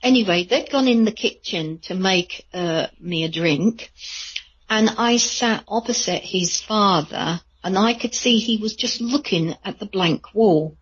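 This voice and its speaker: A woman, a psychic medium, telling chatty, rambling stories in a radio interview with a husky voice. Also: medium pitch, measured pace, lo-fi sound. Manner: chatty, rambling with many fillers.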